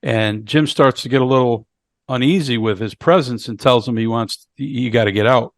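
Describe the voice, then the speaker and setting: Male podcast co-host, halting plot recap, mid pitch, dry close mic. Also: no room sound. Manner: halting, repeats words while recapping the plot. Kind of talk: casual movie review chat.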